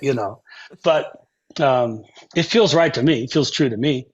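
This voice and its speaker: A man's voice: mid-range voice, moderate pace. An older man, a composer and saxophonist guest, telling stories in an interview and acting out the people in them. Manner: animated storyteller, acts out quotes and sings phrases. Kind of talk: conversational interview storytelling. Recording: dull lo-fi podcast audio.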